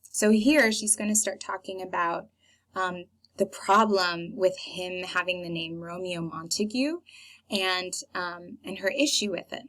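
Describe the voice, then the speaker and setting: A woman's voice: fairly low pitch, measured pace, fairly bright tone. A young woman reading a classic play aloud and explaining it line by line in a casual, chatty way, with many fillers.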